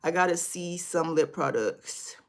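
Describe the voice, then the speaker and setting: A woman with a lowish voice hosts a relaxed beauty livestream from her desk at home. She talks in a chatty, informal way and speaks straight to her viewers as she reads their comments out loud. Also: unhurried, creaky. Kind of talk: casual livestream chat, reading viewer comments.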